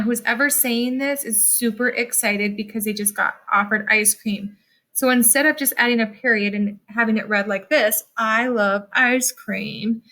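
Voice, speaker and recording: A woman teacher giving a recorded lesson to children, speaking slowly and clearly with strong emphasis. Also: on the high side, pushed and bright.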